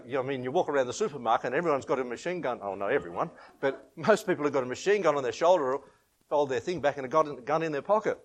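A middle-aged Australian man preaching as a pastor. He reads scripture, leads a prayer and tells homely anecdotes with a laugh. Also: medium pitch. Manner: chatty storytelling, laughs at his own anecdotes. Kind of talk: informal sermon with Bible reading.

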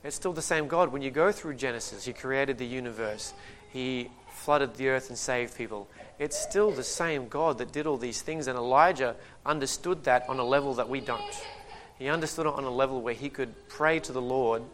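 A man's voice: mid-range voice, normal speed, slight background noise. A man preaching a sermon, telling the story with humor and acting out the quotes. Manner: lively, humorous retelling with acted-out quotes.

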